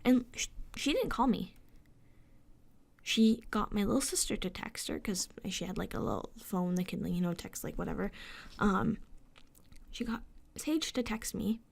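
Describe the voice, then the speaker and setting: A woman's voice: medium pitch, lively intonation, moderate pace, vocal fry, pauses often, breathy edge. A young woman telling an upsetting story as a vlogger. She vents, swears a lot and often drops into a whisper. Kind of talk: emotional storytime rant.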